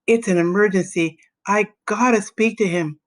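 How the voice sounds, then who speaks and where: A woman's voice: mid-range voice, normal speed, close to an everyday voice. A woman voicing a scared boy who pleads breathlessly on the phone late at night. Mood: pleading.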